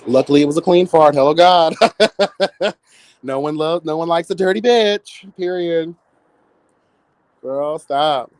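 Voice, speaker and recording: A man in his late thirties hosting a livestream, chatting with viewers in a sassy, campy, animated way. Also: fairly high pitch, measured pace, clean tone, no room sound. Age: 30s. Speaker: livestream host. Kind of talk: casual chat with viewers.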